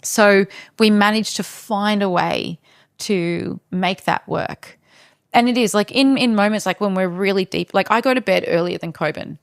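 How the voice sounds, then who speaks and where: A woman's voice: medium pitch, moderate pace, gravelly, no room sound, studio quality. A woman talking as a podcast guest in a casual interview, candid and frank as she tells stories.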